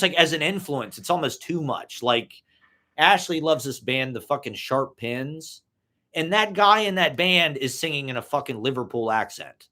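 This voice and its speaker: A man's voice: mid-range voice, pushed and bright. Rambling, profane young man. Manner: loose, profane, full of "like" and "you know" fillers. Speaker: vlogger. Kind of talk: casual rambling monologue.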